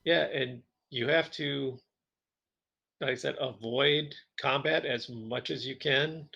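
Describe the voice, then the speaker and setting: A man co-hosting a podcast, chatting casually about tabletop games and telling lively stories with frequent laughs. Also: medium pitch, slow, creaky, slightly rough, dull audio. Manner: animated storytelling, laughs often. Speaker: podcast co-host.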